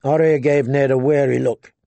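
Gravelly, mellow man reading a fantasy story. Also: medium pitch, fairly even intonation, moderate pace, dry recording. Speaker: audiobook narrator. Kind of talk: storybook narration of a fantasy novel.

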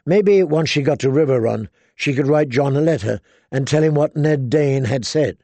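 A man reads a fantasy story aloud in a measured, even way. His fairly high voice has a gravelly edge and a mellow, soft tone. The sound is dry and close, with no room around it. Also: dry recording. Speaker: audiobook narrator. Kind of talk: storybook narration of a fantasy novel.

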